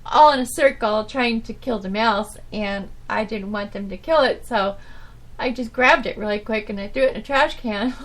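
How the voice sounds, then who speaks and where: A woman talks alone on her internet radio show in a loose, rambling monologue. Her voice sits a little high, and she speaks haltingly in a subdued tone, breaking in with nervous laughs. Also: a bit bright.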